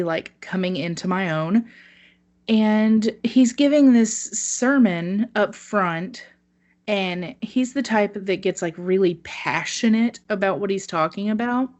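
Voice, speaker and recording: A woman telling a story on a podcast in a casual, wry voice. She talks with plenty of self-mocking humor and laughs at her own lines. Her pitch sits in the middle range. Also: darkish tone. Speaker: podcast co-host.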